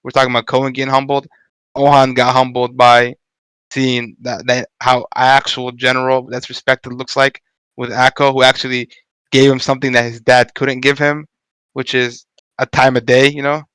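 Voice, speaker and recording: A man with a smooth but flat, even-pitched voice, recorded dry and close. He rambles through his points in a casual fan discussion, stumbling over fillers and restarts. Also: no echo, low-quality recording. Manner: rambling, halting, lots of likes and restarts.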